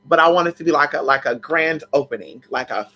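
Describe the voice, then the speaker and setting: Sassy spiritual vlogger, bright and forceful, swooping pitch, on a camera mic. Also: animated, brisk. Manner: sassy and dramatic, big swoops in pitch, laughs and shouts. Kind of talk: casual livestream chat.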